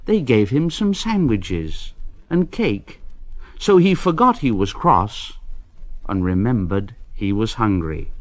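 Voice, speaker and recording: A man reading a children's storybook aloud in a slow, expressive way. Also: lowish voice, no echo. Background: background music.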